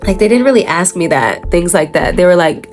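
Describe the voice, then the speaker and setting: A young adult woman chatting casually while doing her makeup, rambling with lots of fillers and self-corrections, slangy and quick to laugh. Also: on the low side, expressive, darkish tone, faint music behind. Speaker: makeup vlogger.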